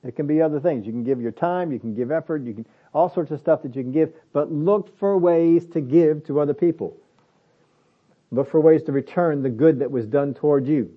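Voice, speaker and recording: Man preaching over a tinny line. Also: on the high side. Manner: conversational preaching, repeats key phrases slowly for emphasis. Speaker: pastor. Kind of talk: sermon. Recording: phone-like narrow band.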